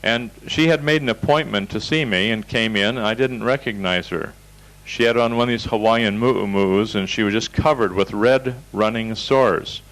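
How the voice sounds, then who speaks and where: A man's voice: on the low side, moderate pace, a bit bright, rough recording. A man teaching a seminar over slides, telling folksy anecdotes in a direct, storytelling way. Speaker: seminar instructor.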